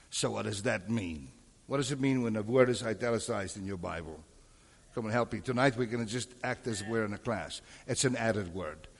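A man preaching a sermon to a congregation, calling out for amens and responses as he teaches from scripture. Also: medium pitch. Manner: calls for amens and crowd responses. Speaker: pastor. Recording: long hall reverb.

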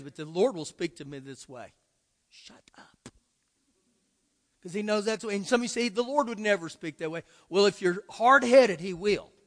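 A man preaching from the pulpit in a high, bright-edged voice, emphatic one moment and conversational the next. He slips into quoted prayers and imagined questions from his listeners. His words ring out with a long reverb through a church sanctuary. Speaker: pastor. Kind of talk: sermon.

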